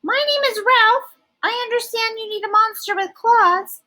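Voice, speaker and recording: A woman voicing a prim, well-groomed male monster from a storybook, in a high, silky, fussy voice. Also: moderate pace, sharp tone. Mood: polite, prissy. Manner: fussy, refined.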